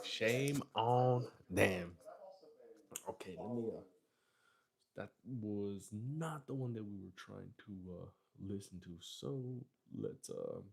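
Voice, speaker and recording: A man's voice: fairly low pitch, vocal fry, a little mellow, breathy edge. A man from New York hosting a casual livestream, chatting loosely and profanely while reading out viewer comments. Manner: loose and profane, reads chat aloud. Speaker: livestream host. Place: home in Texas.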